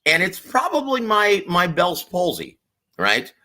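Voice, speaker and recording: Animated, bright-voiced man with a slight lisp. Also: sits high, unhurried. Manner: effusive, animated, calls people brother. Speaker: ring announcer and commentator, co-host. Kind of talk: casual live-stream chat.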